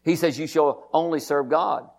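A man's voice: a little high, normal speed, vocal fry. A man, a pastor preaching a sermon, reading scripture aloud and calling out to his congregation.

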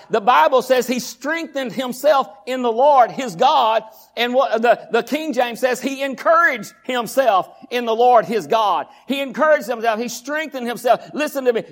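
A middle-aged man with a Texan accent preaching a fervent sermon, often shouting and repeating phrases in a preaching cadence. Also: very high-pitched.

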